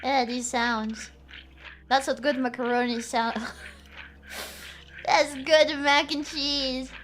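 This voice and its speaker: A woman's voice: high-pitched, fairly even intonation, drawn-out words, a bit bright, soft background music. A woman streamer giving casual, playful commentary while she plays a horror game and jokes with her chat. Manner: playful, jokey, talks to chat.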